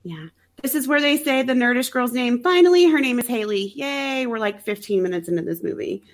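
A woman's voice: on the high side, fairly quick. A woman sounding a little sick, co-hosting a podcast and recapping a movie in wry, chatty talk with frequent laughs. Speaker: podcast co-host. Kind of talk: casual chat recapping a movie.

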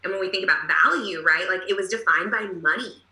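A woman's voice: lowish voice, fast, bright, forceful tone, reverberant, poor audio. A woman guest on a podcast, speaking in a thoughtful, earnest way and repeating phrases for emphasis. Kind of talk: reflective conversation.

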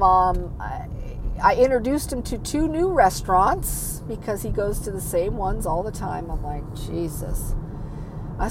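A woman telling a personal story about caring for her father, speaking emotionally and haltingly with frequent restarts. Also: medium pitch, noisy background.

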